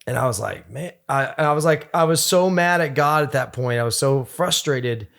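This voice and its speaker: A man, a podcast guest, telling a long story in a rambling, animated way, full of restarts and fillers. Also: medium pitch, normal speed, gravelly. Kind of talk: casual storytelling interview.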